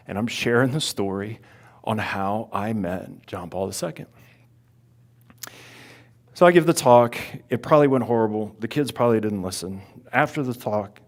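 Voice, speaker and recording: A man from South Louisiana tells a personal story at a church event. His voice sits at an ordinary pitch, and his talk is casual and animated. He acts out his own reactions as he goes. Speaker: speaker at a Catholic Advent mission.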